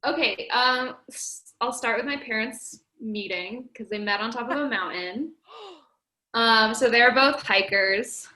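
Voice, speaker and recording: A young woman in her twenties, a record-setting hiker appearing as a podcast guest, tells her hiking story in a casual interview. Her voice is fairly high, unhurried and sharp, though the audio is poor, and she chats away with frequent laughs, fillers and lots of "like".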